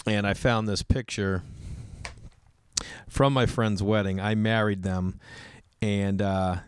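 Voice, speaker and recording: A hoarse man with a low voice rambles through a casual solo chat as a comedian host, poking fun at himself between fillers. His tone stays smooth and resonant despite the strain, and the sound is dry and close with no room echo. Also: steady tone, slow pace. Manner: rambling, loose, self-mocking with many fillers. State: hoarse, recovering lost voice. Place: home indoors with rain on the roof.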